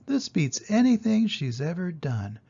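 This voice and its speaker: An older man voicing a hot-tempered farmer in a storybook reading, shouting and blustering in a gravelly voice. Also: sits high, very animated, unhurried, pitched above the performer's own voice, full character voice. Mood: furious. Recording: dull lo-fi recording.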